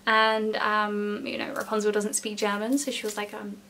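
A young woman chatting casually in a storytelling vlog, with many "like" fillers and lively emphasis. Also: medium pitch, moderate pace, a little hiss or hum. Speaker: former theme park character performer.

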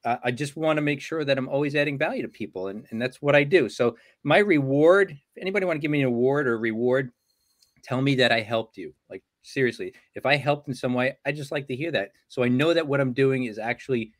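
A chatty man co-hosts a casual networking livestream, joking around and calling out viewers by name. His voice sounds dry and close, with no room to it. His pitch sits in the middle range. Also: fairly quick, dry recording. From New York. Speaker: co-host, regional director of a networking group.

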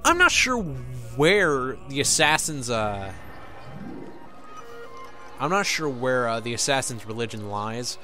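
A man's voice: medium pitch, very animated, slow pace, long pauses, pushed and bright, soft background music. A man giving loose, sarcastic gameplay commentary with frequent swearing. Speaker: let's play gamer.

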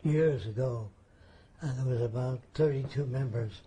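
A man's voice: mid-range voice, moderate pace, mellow, a little hiss or hum, low-quality recording. An older man telling a story in an interview, plain-spoken, acting out the people he quotes.

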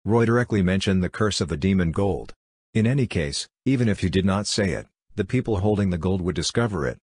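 A man narrating an audiobook in a steady, even storytelling manner. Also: low voice, a little fast, slightly rough, dry recording. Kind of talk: scripted narration.

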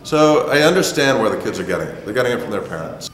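A teacher being interviewed, speaking in a reflective, measured way. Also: male voice, fairly low pitch, sing-song, fairly bright tone. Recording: echoey hall with crowd noise.

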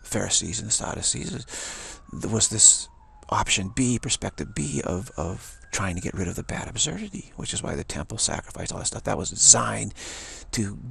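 A man telling a rambling spiritual story in a halting way, often repeating words and restarting. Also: fairly low pitch, expressive, creaky, pushed and bright, a little hiss or hum.

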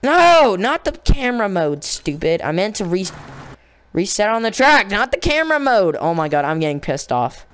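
A young man giving casual let's-play commentary on a racing game, talking to the game and himself in slang and often breaking into frustrated yelling. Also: sits high, moderate pace, slight background noise. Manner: excitable, frustrated, bursts into yelling outbursts; talks to the game and himself, slangy, "dude" and "bro". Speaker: gamer narrating his own play.

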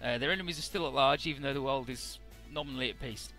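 A man's voice: medium pitch, fast, sharp tone, faint music behind. Chatty man recapping a game story. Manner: chatty, many filler words, casual swearing. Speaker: let's play narrator.

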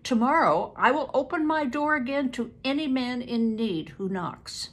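An older woman voicing a calm, steadfast white-haired old father in a storybook reading, speaking evenly and clearly. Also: very high-pitched, slow pace, pitched above the performer's own voice, exaggerated voice. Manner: even and clear.

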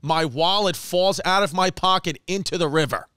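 A man's voice: sits high, clear, resonant tone, no room sound, clean studio sound. A man, a comedian and podcast host telling a rambling story and acting out the people in it. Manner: animated, acts out quotes, rapid run-on storytelling.

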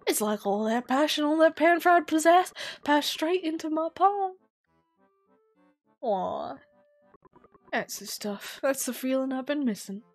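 A woman voicing a boastful, brawny middle-aged male circus pitcher who talks in a swaggering, self-important way. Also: animated, unhurried, long pauses, soft background music. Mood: elated.

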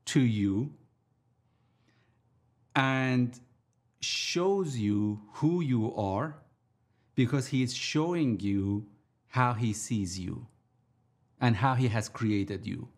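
A man teaching a sermon on scripture, deliberately repeating his key points for emphasis. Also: medium pitch, expressive. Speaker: Bible teacher.

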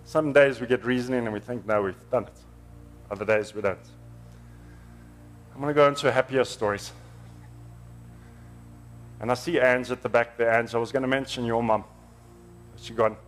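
A man's voice: medium pitch, fairly even intonation, normal speed, long pauses, faint music behind. A man, preaching a storytelling sermon in a church in an earnest, emotional, conversational way.

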